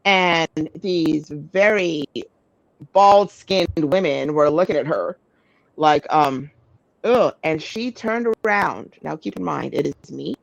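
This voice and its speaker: A woman in her thirties, a podcast co-host, telling a story in a casual, animated way with lots of swearing and restarts. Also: low-pitched, slow pace, creaky, dry recording, highs cut off. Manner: animated, profane, frequent restarts.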